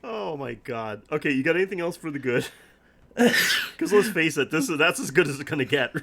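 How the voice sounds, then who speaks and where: Guy cohost laughing thru a movie recap, bit high voice, swears. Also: lively intonation, normal speed, gravelly, bright, forceful tone. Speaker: podcast co-host.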